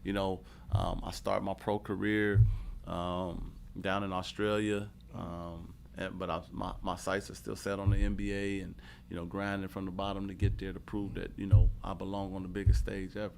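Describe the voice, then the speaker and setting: Low-voiced middle-aged man telling stories. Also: level tone, normal speed, gravelly, a little mellow, a little hiss or hum. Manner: laid-back, loose and conversational, with lots of "man" and "you know what I mean". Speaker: guest, former pro basketball player turned coach. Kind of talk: casual storytelling interview.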